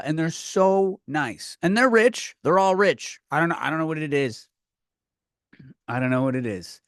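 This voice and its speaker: Give me a man hosting a comedy podcast, ranting and swearing, with a slightly high voice and a dry, close sound. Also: normal speed, a bit bright, no echo. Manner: profane, ranting, with frequent restarts. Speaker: podcast host. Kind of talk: comedic rant. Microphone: podcast microphone.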